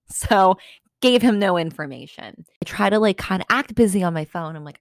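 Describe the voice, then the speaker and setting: A young woman telling a story on her podcast, talking in a casual, animated way and dropping sarcastic, swearing asides. Her voice sits at a middle pitch. The recording is dry and close, with no room sound. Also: moderate pace, gravelly, no room sound. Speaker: podcast host.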